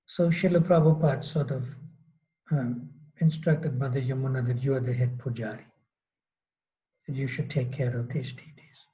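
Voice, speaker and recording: A man's voice: medium pitch, steady tone, normal speed, warm tone, rough recording. A man giving a sermon as a swami, telling a story loosely with many fillers and restarts. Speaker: swami giving a scripture class. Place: temple hall.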